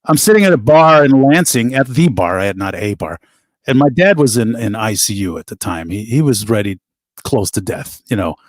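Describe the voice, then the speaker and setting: Man, middle-aged, lively storyteller, dry close sound, swinging pitch. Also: moderate pace, dry recording. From United States. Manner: animated anecdotes with laughs and quoted voices. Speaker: band musician, guest. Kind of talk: casual storytelling interview.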